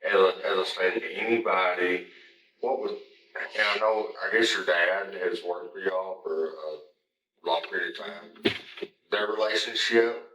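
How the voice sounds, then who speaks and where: A man's voice: low voice, steady tone, a little slow, bright, forceful tone. A man questioning a witness as a detective, polite and hesitant. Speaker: police detective. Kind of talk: recorded police interview. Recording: roomy interrogation room audio from a distance.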